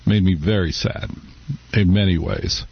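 A man's voice: low-pitched, fairly even intonation, measured pace, gravelly, breathy edge, highs cut off. A middle-aged man hosting a talk radio show, chatting in a wry, rambling, conversational way. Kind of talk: casual talk radio monologue. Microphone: studio microphone.

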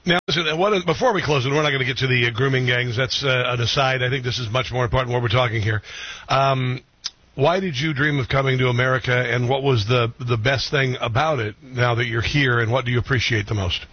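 A man's voice: mid-range voice, fast, slightly rough, no room sound. A man hosting a casual radio interview who asks questions and affirms his guest with short replies. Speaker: radio host. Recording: dull, dry radio audio.

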